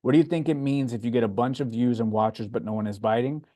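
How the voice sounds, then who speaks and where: This livestream host, a man from Florida, fields questions from his chat in a casual Q&A. His medium-pitched voice stays easy and chatty, punctuated by plenty of "um" pauses before each answer.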